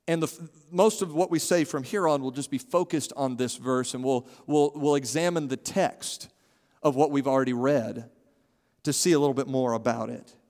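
A man preaching a sermon as pastor, animated and calling on his congregation to respond. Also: medium pitch, moderate pace. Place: church sanctuary. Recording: long hall reverb.

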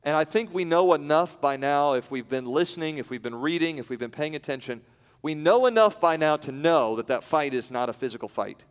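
A male pastor preaching a sermon in a conversational way, breaking off into quiet asides and then rising into loud, emphatic peaks. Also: a little high, a little fast, clean tone. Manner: conversational, with self-interruptions and light laughs. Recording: long hall reverb.

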